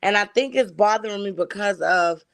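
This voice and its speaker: A woman's voice: mid-range voice, normal speed, vocal fry, crowd noise. A woman co-hosting a casual chat show, telling a story at length with heavy swearing and acting out the dialogue. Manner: profane and emphatic, acts out quoted dialogue. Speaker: podcast co-host.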